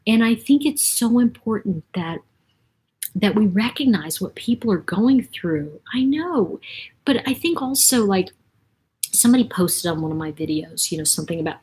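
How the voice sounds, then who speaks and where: A woman's voice: medium pitch, a little mellow, breathy edge, rough recording. A woman hosting a casual livestream, chatting in a rambling way, laughing often and reading out viewer comments. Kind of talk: casual live-stream chat.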